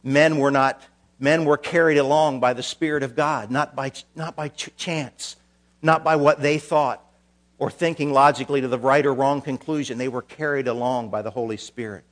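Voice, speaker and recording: A man preaching a sermon, charging a young preacher, swinging from quiet, solemn passages to loud, emphatic ones. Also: medium pitch, fairly even intonation, moderate pace. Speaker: pastor.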